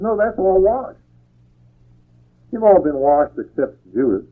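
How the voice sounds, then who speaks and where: A man preaches a sermon with a lively, rising and falling voice that sits a little high for a man. He reads scripture and then explains it in a homey, folksy way. The sound is thin and tinny, like an old radio broadcast.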